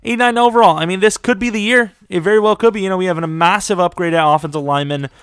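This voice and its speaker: Young man, casual game commentary, joking, quick reactions, smooth voice, dry close sound. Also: high-pitched, fairly bright tone, dry recording. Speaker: gaming commentator.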